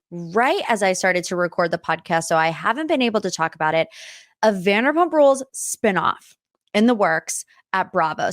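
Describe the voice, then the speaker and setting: A woman's voice: lowish voice, dry recording, clean studio sound. Chatty woman hosting a podcast. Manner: chatty, rambling tangents. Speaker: podcast host. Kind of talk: casual pop culture chat.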